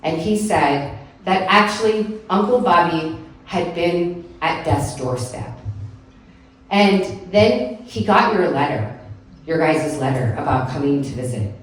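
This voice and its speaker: A woman with a somewhat low voice tells a personal story on a live stage, earnest and heartfelt, often saying "like." She sounds distant from the mic. The room around her rings with a lot of echo. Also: lively intonation, unhurried. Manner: earnest, heartfelt, with frequent "like" fillers. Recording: echoey room, picked up from far off.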